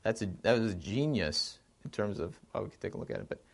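Male discussion leader, low and gravelly, lively and thinking out loud. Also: fast. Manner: animated, thinks aloud with frequent restarts. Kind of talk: informal film discussion.

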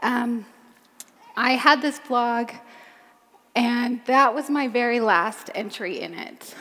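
A woman's voice: fairly high pitch, takes it slowly, bright, forceful tone, long reverb tail. A woman on stage giving a personal talk to a crowd, chatty with many ums, her voice a little cracked from screaming. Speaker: keynote speaker, founder of a makeup line.

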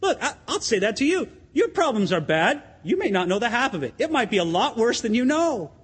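A man's voice: very high-pitched, big pitch swings, a little fast, a bit bright, breathy edge. A pastor preaching a sermon in an earnest, emphatic way, addressing his listeners as friends in a church sanctuary. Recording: long hall reverb.

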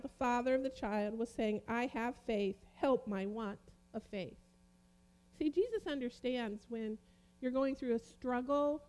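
A woman preaching a sermon, reading Bible passages aloud and explaining them with emphatic, dramatic pauses. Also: on the high side, darkish tone.

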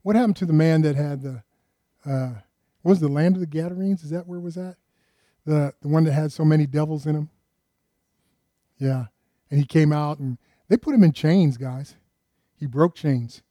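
Folksy preacher man, mellow voice. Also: fairly high pitch, moderate pace, long pauses, dry recording, studio quality. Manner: folksy, asks the listeners questions. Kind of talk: conversational sermon.

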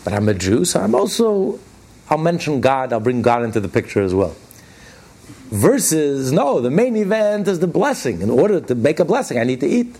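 A man's voice: a little high, big pitch swings, moderate pace, mellow, breathy edge. A man giving a spoken religious lesson as a rabbi. He tells stories in a plainspoken, conversational way and repeats key phrases emphatically, his voice rising on each point. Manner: plainspoken, conversational storyteller with restarts. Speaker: rabbi teaching a Torah class.

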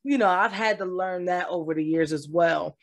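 A woman's voice: lowish voice, moderate pace. A woman hosting a podcast interview, chatty and upbeat, often restarting her sentences. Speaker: podcast host.

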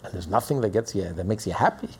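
A man's voice: fairly low pitch, expressive, quick pace, creaky, a little mellow, breathy edge. A man teaching a religious lesson in an emphatic manner, with rhetorical questions and repeated phrases. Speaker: Torah teacher.

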